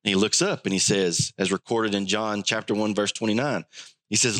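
A man's voice: fairly low pitch, normal speed. A man preaching a sermon, acting out the voices of the people he quotes. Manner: animated, acts out quoted voices. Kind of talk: sermon teaching.

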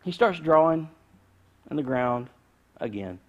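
A man, preaching a sermon in a conversational, humorous storytelling way with sudden loud bursts. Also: fairly high pitch, lively intonation, measured pace, highs cut off. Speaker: pastor.

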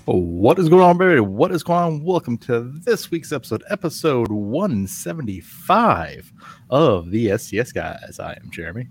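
A man's voice: mid-range voice, sing-song, moderate pace, husky. A man hosting a casual geeky podcast, upbeat and joking as he steers the chat with his co-hosts. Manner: upbeat, joking, drives the conversation. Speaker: podcast host.

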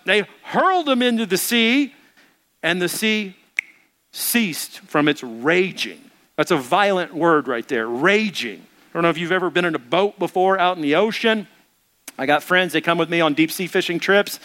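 A middle-aged man preaching a sermon, animated and acting out the Bible story in little voices. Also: high voice. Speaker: pastor.

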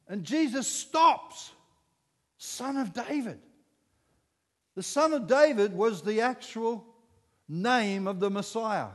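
A Scottish man in his sixties preaching a sermon, telling the story with lively acted-out voices. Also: high-pitched, long reverb tail. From Scotland. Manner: animated storytelling, acting out voices.

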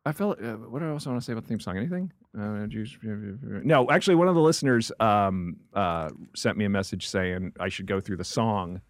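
A man's voice: fairly low pitch, animated, fairly quick, few pauses, no echo. A man hosting a podcast in a studio, chatting and joking in a rambling way with lots of fillers. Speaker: podcast host. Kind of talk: casual chat. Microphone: studio mic with headphones.

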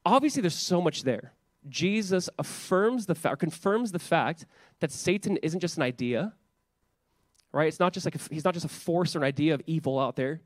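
A man's voice: on the high side, animated, normal speed, no echo, clean studio sound. A man in his thirties preaching a church sermon in a casual, conversational way, often saying "like" and repeating words. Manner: conversational, repeats words, many filler 'like's. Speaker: pastor.

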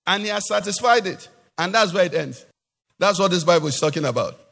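Preacher guy, kinda high voice, lively sermon w/ lots of questions to the crowd, big echoey church sound. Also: brisk, gravelly. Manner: animated preaching with rhetorical questions to the congregation. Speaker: pastor.

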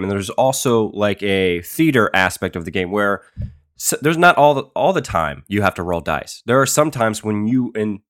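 A man hosting a casual podcast, explaining eagerly as game master in quick bursts. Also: on the low side, fairly bright tone, no room sound, studio quality.

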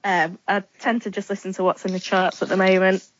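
A woman guest on a casual podcast interview, answering in a relaxed, chatty way with many ums. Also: medium pitch, fairly quick, no echo. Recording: dull lo-fi sound.

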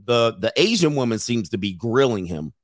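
A man's voice: medium pitch, sing-song, normal speed, no echo. Man, reaction commentary, blunt and profane, dry close sound, talks to viewers.

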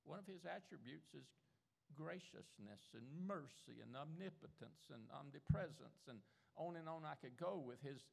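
Older preacher, gravelly voice, echoey church. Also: male voice, a little high, lively intonation, normal speed. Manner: preachy, emphatic, rising to insistent repetition. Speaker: pastor. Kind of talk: sermon. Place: church sanctuary.

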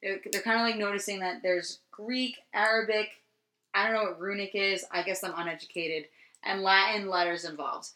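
A woman from New Jersey rambles through a story as a podcast co-host, swearing freely and peppering it with ums. Her voice is bright and clear, and the room gives it a noticeable echo. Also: medium pitch, steady tone, moderate pace. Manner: rambling and profane, many ums, laughs easily. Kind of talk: casual storytelling chat. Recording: roomy echo.

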